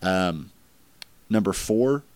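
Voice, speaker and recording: A man's voice: sits low, animated, very slow, a little mellow, dry recording. A man hosting a casual podcast chat, rambling with lots of fillers. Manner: rambling, filler-heavy, laughs at crude jokes. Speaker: podcast host ranking wrestling matches.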